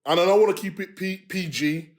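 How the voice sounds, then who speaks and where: A man in his thirties co-hosting a casual chat, excitable and quick to laugh. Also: high-pitched. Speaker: podcast co-host.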